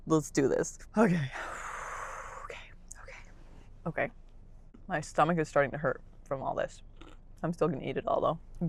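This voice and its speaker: A young woman vlogging casually to camera from a parked car, bubbly and excitable, often repeating herself. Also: deep voice, dry recording. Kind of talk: casual vlog talk to camera. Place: parked car in a public lot.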